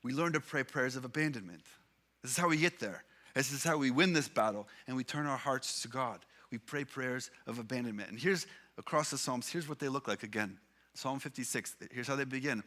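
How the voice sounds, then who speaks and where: Earnest bright-voiced male preacher. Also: mid-range voice, animated, fairly quick. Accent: Canadian English. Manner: earnest preaching, reads psalms aloud with emphasis. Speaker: pastor. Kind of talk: sermon.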